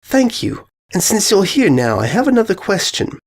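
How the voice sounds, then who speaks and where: A woman voicing a kind, gentle adult pony princess who speaks softly and warmly. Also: medium pitch, very animated, moderate pace, husky, voice pushed up. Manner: warm, conspiratorial.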